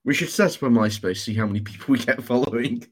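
A man's voice: mid-range voice, quick pace, breathy edge. Young guy, podcast co-host, dry and teasing. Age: young adult. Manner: dry, teasing, laughs often. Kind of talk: casual chat among friends. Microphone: online voice call.

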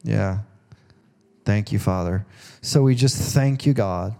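Man, pastor, conversational sermon, mellow dark tone, questions to the congregation. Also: fairly low pitch, slow pace, gravelly. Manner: acts out voices in quoted dialogue. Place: church service.

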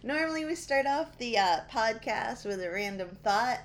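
A woman's voice: fairly high pitch, expressive, normal speed, slight background noise. A woman hosting a podcast in casual, playful chat, laughing often, recorded outdoors at dinner. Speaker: podcast host.

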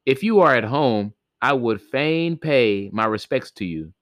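A man's voice: medium pitch, animated, measured pace, a bit bright, no echo, studio quality. A man voicing an elderly village priest who speaks in a formal, courteous, old-fashioned way in a spoken folk tale.

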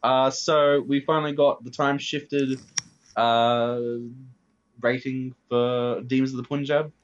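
A man's voice: medium pitch, flat delivery, slow. A man hosts a casual podcast, talking earnestly through a list of figures. His mic sounds slightly dull and lo-fi, with a faint hiss behind him. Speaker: podcast host. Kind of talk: casual chat.

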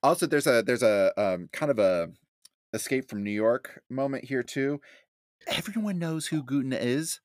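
A man co-hosting a movie podcast, loose and joking, his talk full of "like" and the odd curse. He speaks at a middling pitch. The recording is close and dry, with no room sound. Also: animated, moderate pace, dry recording. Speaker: podcast co-host. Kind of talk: casual movie-riffing chat.

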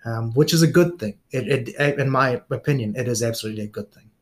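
A middle-aged man with a New Zealand accent, a police officer chatting as an interview guest, relaxed and full of fillers and small laughs. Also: medium pitch, fast talker. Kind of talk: casual interview chat.

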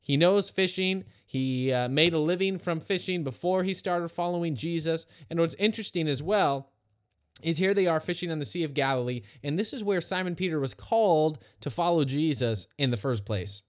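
A man teaching a Bible passage in a casual, conversational way, retelling the story with lively asides. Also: fairly high pitch, moderate pace. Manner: conversational, animated retelling with acted quotes. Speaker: pastor.

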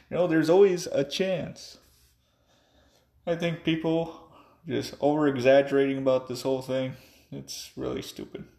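A man's voice: mid-range voice, creaky, a little mellow. A young man ranting angrily and profanely in a monologue. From United States. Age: young adult. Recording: echoey room.

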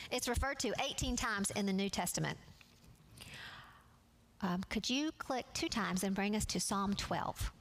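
Earnest woman teaching a Bible class. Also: medium pitch. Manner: measured and earnest, stressing key words.

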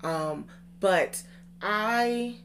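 A woman's voice: mid-range voice, expressive, extremely slow, fairly bright tone, a little hiss or hum. A young woman co-hosting a podcast, chatting casually and rambling with restarts and fillers. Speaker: podcast co-host.

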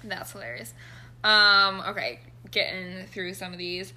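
A young woman co-hosting a casual chat, animated and quick to groan in mock disgust. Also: medium pitch. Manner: chatty, animated, exaggerated groans. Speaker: podcast co-host.

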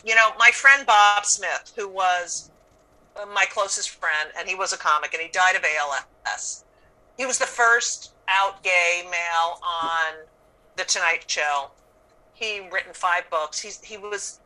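Bright-voiced blunt woman comic. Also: lowish voice, poor audio. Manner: blunt, profane, storytelling with acted-out quotes. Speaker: comedian guest. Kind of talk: casual podcast chat.

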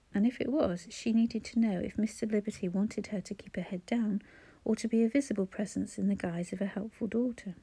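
A woman reads a novel aloud in an even, measured way. Her voice is mellow and warm, recorded close on a dry studio mic with no room sound. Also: medium pitch, husky, dry recording. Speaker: audiobook narrator. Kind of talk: scripted narration.

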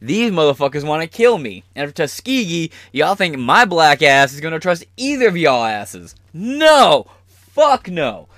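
A man's voice: a little high, sing-song, measured pace, a bit bright, no echo, clean studio sound, pitched above the performer's own voice. A man voicing a defiant, cursing man. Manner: blunt, profane.

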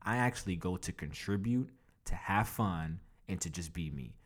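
A man with a very low voice hosts a podcast in a loose, chatty way. He tells stories with lots of fillers and restarts and acts out quoted exchanges. His delivery is animated and conversational. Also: normal speed. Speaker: podcast host. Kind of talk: casual storytelling advice.

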